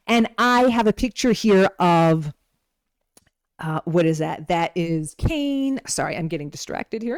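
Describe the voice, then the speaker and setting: A woman with a fairly low voice gives an informal nutrition lesson. She talks in a chatty, wandering way and keeps checking in with her listeners. The sound is dry and close, with no room echo. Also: gravelly, a little mellow. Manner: chatty and digressive, with frequent rhetorical "right?". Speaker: holistic nutrition educator. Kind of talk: informal teaching talk.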